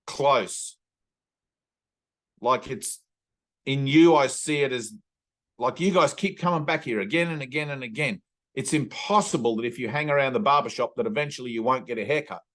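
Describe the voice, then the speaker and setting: A man's voice: medium pitch, normal speed, fairly bright tone. A man, a spiritual teacher giving a satsang talk over a video call, telling rambling stories and slipping into playful voices. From Australia.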